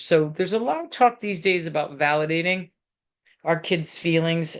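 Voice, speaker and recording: Middle aged lady giving a parenting talk, super animated, does little voices for the kids, lots of likes. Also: lowish voice. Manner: animated, acts out parents and teens in quoted voices, many fillers.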